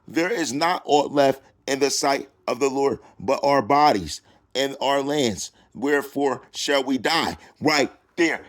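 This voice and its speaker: A man reading scripture aloud and breaking off into loud preaching and taunting, drawling slowly through the verses. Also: medium pitch. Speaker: self-styled preacher.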